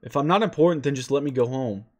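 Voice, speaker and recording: A man reading aloud as a despairing young man, a former high school student trapped in a war, in a pleading, self-pitying way. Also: quick pace, lightly acted. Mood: broken. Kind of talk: reading a visual novel aloud.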